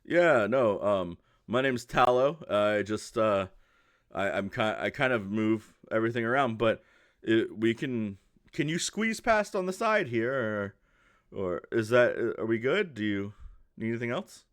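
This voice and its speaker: A man plays a friendly male caravan organizer, quick and accommodating, who rushes his apologies. The voice sits close to the narrator's own, only a touch brighter and louder. It is a tabletop fantasy figure with a dry, close sound. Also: on the low side, expressive, no room sound.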